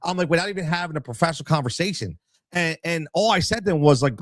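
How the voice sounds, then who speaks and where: A man's voice: on the high side, animated, quick pace, a bit bright, dry recording. A man telling a story about a dispute as a youth soccer coach, getting heated, repeating himself, and acting out both sides of the talk. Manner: heated, repeats himself, acts out quoted dialogue. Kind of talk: casual storytelling, podcast interview.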